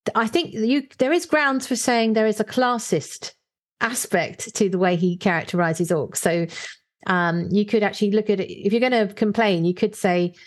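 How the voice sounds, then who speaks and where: A woman's voice: mid-range voice, fairly even intonation, moderate pace. A woman in casual discussion, thinking aloud with frequent fillers and reading short book passages aloud. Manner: thoughtful, hesitant, many fillers, reads book passages aloud.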